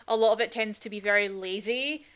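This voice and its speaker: Bright, chatty woman film podcaster. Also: medium pitch, steady tone, brisk. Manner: opinionated, chatty, with frequent "like" fillers. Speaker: podcast co-host. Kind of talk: casual film chat.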